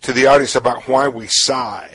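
A man's voice: medium pitch, steady tone, moderate pace, a bit bright, rough recording. A man hosting a radio talk show, chatting casually and joking, repeating words as he starts his sentences.

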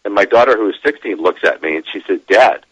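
A middle-aged man, a demographer, talking as a guest on a radio show, animated and laughing as he explains. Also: lowish voice, fast talker, husky, dry recording, muffled recording. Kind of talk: radio interview.

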